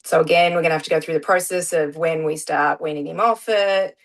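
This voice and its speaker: A woman's voice: low voice, steady tone, brisk, rough recording. A middle-aged woman, telling her story as a guest in a casual interview, with many "um" fillers. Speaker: guest, parent.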